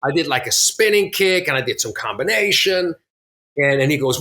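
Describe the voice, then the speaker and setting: Middle-aged male guest, lively storyteller who acts out quotes, casual interview. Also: a little high, brisk. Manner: animated, acts out quotes from others, laughs often. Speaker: podcast guest, actor.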